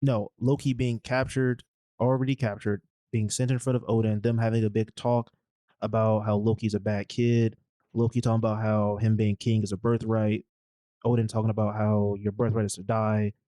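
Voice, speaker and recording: A man's voice: lowish voice, little pitch movement, normal speed, warm tone, no room sound. A man co-hosting a podcast, casually retelling a movie plot in a rambling, slangy way. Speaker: podcast co-host. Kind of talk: casual movie recap chat.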